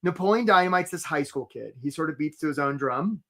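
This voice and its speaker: A man coaching job seekers in a live webinar, chatty and lively, telling stories and greeting viewers from the chat by name. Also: on the high side, fairly quick. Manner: tells stories to make his points.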